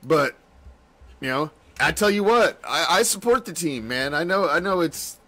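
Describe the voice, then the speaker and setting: A man hosting a postgame fan reaction show, ranting with constant swearing, laughing often and swinging between yelling and muttering, in a home studio room. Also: fairly high pitch, animated, moderate pace. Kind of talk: profane postgame rant.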